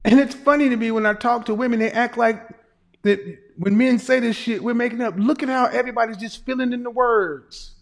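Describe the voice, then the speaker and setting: A man's voice: very high voice, steady tone, fairly quick, gravelly. A man giving casual livestream commentary in a blunt, emphatic, profane lecturing manner. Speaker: streamer and commentator.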